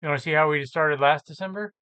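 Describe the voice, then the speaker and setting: Fast-talking and a little high, this man sounds pushed, bright, clear and resonant, with no room sound. He walks through his reselling sales on a screen share in a casual vlog, thinking aloud and revising what he says.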